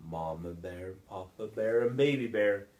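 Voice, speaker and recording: A father telling a playful, made-up bedtime story to his child, swinging between soft and loud. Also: lowish voice, measured pace, roomy sound.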